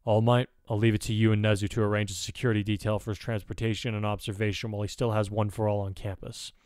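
A weary, stern male teacher, read by a man. The voice sits a touch lower and softer than his narration, dry and close-miked. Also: level tone, fast talker, dry recording, close to an everyday voice.

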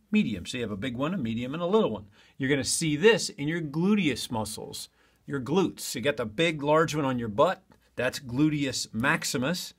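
A man's voice: mid-range voice, breathy edge. A man teaching an online lesson in a chatty way, talking straight to his students. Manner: chatty, talks to students directly.

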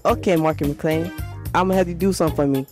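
A woman's voice: deep voice, fast. A woman interviewing people in school hallways, asking playful coaxing questions. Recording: music bed under voice.

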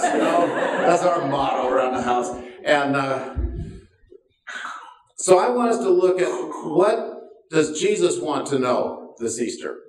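A man's voice: medium pitch, lively intonation, a little slow. An older man preaching a sermon as pastor, folksy and self-deprecating, with wry asides. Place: church sanctuary. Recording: roomy sound from a distance.

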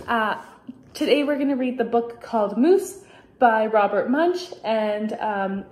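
A young woman teacher reading a children's picture book aloud, expressive, with big shouted lines for the characters. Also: mid-range voice. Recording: echoey room.

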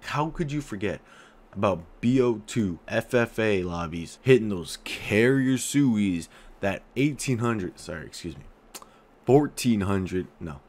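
A man's voice: lowish voice, expressive, measured pace, darkish tone. A young man reading viewer comments in a casual vlog, joking and crude, swinging between mumbles and outbursts. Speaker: YouTuber.

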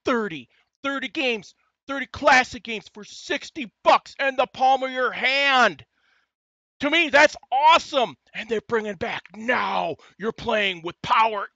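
A middle-aged man reacting with glee to a game trailer in an excited vlog, gasping and shouting. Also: extremely high pitch, a little slow, no echo, lo-fi sound. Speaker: YouTube gamer reacting to a trailer.

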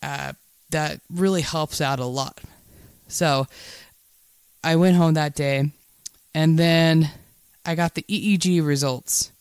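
A woman's voice: low voice, steady tone, takes it slowly, long pauses, a little mellow, smooth, dry recording, clean studio sound. A woman hosting her own podcast in a casual solo monologue, telling a story candidly and heatedly, with frequent restarts. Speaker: podcast host.

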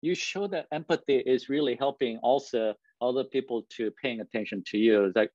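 A man's voice: medium pitch, normal speed, hardly any pauses, a little mellow, no room sound, muffled recording. A man for whom English is a second language gives a presentation as a guest speaker. He talks in a conversational way, often checks in with "right?", and chuckles at himself now and then. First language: not English. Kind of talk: presentation to an audience.

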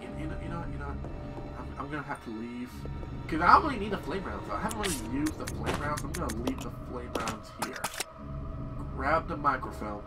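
A man commenting on a video game as he plays, excitable and cursing, yelling at his partner in the game and talking himself through each step. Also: mid-range voice, brisk, recorded from a distance. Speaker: gameplay commentator. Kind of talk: let's play commentary. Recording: voice a bit off-mic, loud game music behind. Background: video game music.

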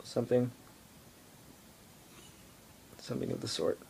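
A teenage boy rambling through a casual home vlog into his iPod camera, halting and full of fillers. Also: mid-range voice, fairly even intonation. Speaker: vlogger.

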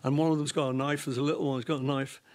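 A man, a guest in an interview, telling a story in a lively way, laughing and acting out the voices of the people in it. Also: mid-range voice, very fast. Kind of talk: casual anecdote telling.

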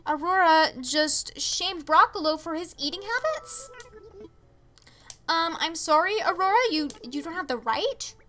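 A teenage girl streams a life-sim game, chatting casually with viewers and reacting to the villagers. Her voice is high-pitched, pushed and bright.

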